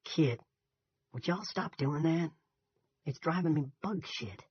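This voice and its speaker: A man doing a nervous young Southern army private, drawling in a raised, husky voice. He speaks low and slow, with a plain casual manner. The sound is dull and lo-fi. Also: expressive, dry recording, exaggerated voice. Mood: uneasy. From South Carolina. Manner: drawling, casual, soft-spoken. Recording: dull lo-fi recording.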